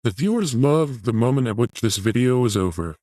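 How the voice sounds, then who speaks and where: A man hosting a comedy show, reacting to news and clips with deadpan, profane sarcasm. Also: mid-range voice, fairly quick, dry recording, low-quality recording. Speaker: show host.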